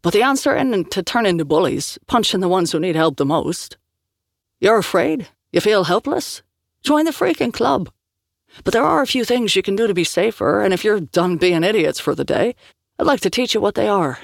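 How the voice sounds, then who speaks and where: A man's voice: sits high, animated, normal speed, gravelly, dry recording, voice pushed up, full character voice. A ginger swordsman , played by a narrator, talks in a blunt, exasperated way. The audiobook sound is dry and close. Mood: rallying.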